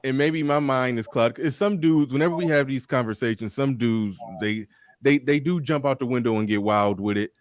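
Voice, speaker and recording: A man hosting a casual live panel chat, animated, often repeating himself to take the floor. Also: medium pitch, normal speed, dry recording, clean studio sound. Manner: animated, keeps repeating "hold on" and "listen". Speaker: live panel show host.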